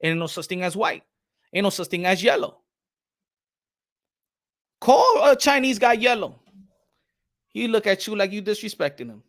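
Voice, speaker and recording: A man hosts a podcast in a casual, animated way, repeating words and acting out little exchanges. He slips into Spanish phrases now and then, and his voice sits a little on the high side. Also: moderate pace, pauses often. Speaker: podcast host. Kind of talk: casual talk.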